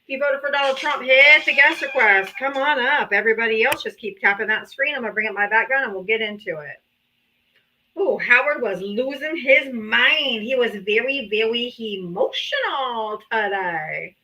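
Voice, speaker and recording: A woman's voice: fairly high pitch, normal speed, bright, forceful tone, low-quality recording. A woman hosting a live political debate stream, teasing her callers and laughing often. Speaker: livestream debate host. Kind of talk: casual livestream talk. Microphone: streaming setup.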